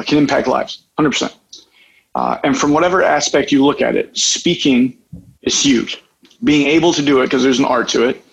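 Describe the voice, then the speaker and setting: A man, a life coach, talking in a casual podcast chat, telling a lively story and often checking in with "right?". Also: mid-range voice, gravelly. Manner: energetic, fast storyteller saying "right?" often. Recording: slightly dull, lo-fi podcast audio.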